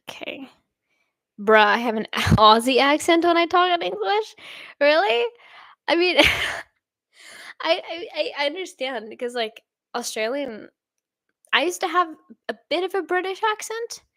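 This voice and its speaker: A woman's voice: sits high, animated, a little slow, long pauses, fairly bright tone, dry recording. A woman in her twenties from Sweden, chatting casually and reading out viewer comments in an upbeat, rambling way with frequent laughs. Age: 20s. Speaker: channel host.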